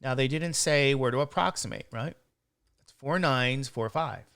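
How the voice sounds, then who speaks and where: A man's voice: medium pitch, normal speed, gravelly, a bit bright, clear, resonant tone, no room sound, clean studio sound. A man teaching a statistics lecture, walking through a calculation and counting digits aloud step by step. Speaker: statistics instructor. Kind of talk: classroom lecture.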